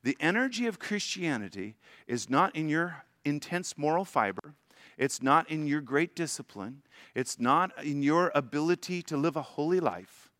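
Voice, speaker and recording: An older man preaching a sermon as a guest preacher, with emphatic rises to loud lines and soft drops at the ends of phrases. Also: fairly high pitch, animated, normal speed, dry recording, clean studio sound.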